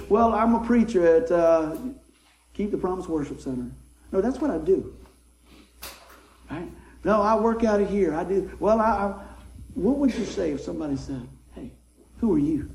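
A man's voice: fairly high pitch, warm tone, reverberant, slight background noise, poor audio. A man preaching a sermon in a folksy, conversational way, often asking his listeners questions.

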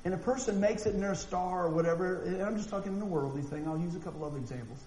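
A man preaching a sermon, animated and folksy, acting out quotes and often repeating words. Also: sits high, racing. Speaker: pastor. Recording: echoey room with faint noise.

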